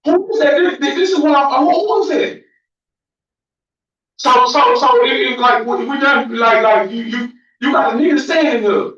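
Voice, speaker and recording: A man shouting angrily and repeating himself in a recording played as evidence. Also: very high voice, moderate pace, very echoey, recorded from a distance, muffled recording.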